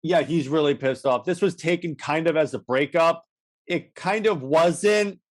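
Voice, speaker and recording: This man's voice is fairly high and unhurried as he co-hosts a podcast. His casual comic recap wanders, keeps restarting, and includes acted-out lines.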